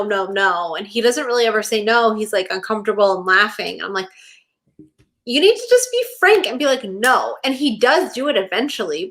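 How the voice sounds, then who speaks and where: A young woman co-hosting a podcast, chatting casually about a TV episode and acting out the characters' lines in quick quotes. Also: mid-range voice, fairly bright tone. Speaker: podcast co-host. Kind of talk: casual chat recapping a TV episode.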